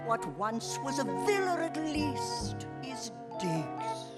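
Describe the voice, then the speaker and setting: A woman's voice: fairly high pitch, sing-song, slow, over loud music. A woman performing a worldly, sardonic older woman in a stage musical. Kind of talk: musical theatre singing.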